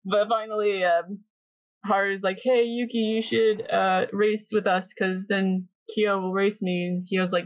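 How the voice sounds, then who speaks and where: A young woman co-hosting a podcast chats casually while recapping an anime, acting out the characters' lines and laughing often. Her medium-pitched voice is unhurried, and the recording is dry and dull.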